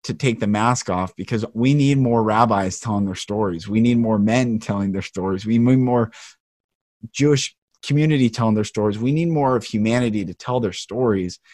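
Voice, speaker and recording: A man's voice: on the low side, moderate pace, a little mellow, no echo, clean studio sound. A man hosting an interview podcast, talking in an earnest, emotional, heartfelt way. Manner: earnest, emotional, speaks passionately. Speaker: podcast host.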